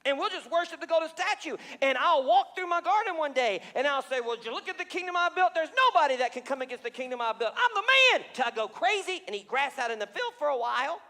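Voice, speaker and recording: A brash, boastful young king, loud and mocking, his voice pitched high and bright, as a preacher puts him on. The voice rings through a hall with a long echo. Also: expressive, quick pace, hardly any pauses, exaggerated voice. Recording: reverberant hall.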